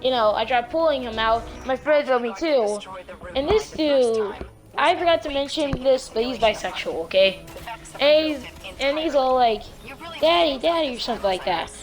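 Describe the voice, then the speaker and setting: A woman casually telling a true story on her vlog in a rambling, slangy, animated way. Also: sits high, moderate pace, over music.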